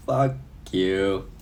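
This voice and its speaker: This young man's voice is mid-range and creaky, heard over a noisy background. He's on a live stream responding to comments, swearing freely and laughing a lot in an easygoing way.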